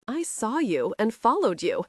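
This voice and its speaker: A woman's voice: a little high, very animated, a little slow, darkish tone, slightly rough, no echo, clean studio sound, voice pushed up, heavily acted. A woman voicing a brash, arrogant young man who teases and needles, read in an audiobook. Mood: teasing. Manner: mocking, needling. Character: brash young male horseman, teasing and arrogant.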